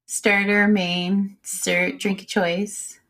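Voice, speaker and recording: A woman's voice: medium pitch, level tone, slow, fairly bright tone. A woman hosting a casual chat, asking questions and reacting encouragingly. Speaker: host.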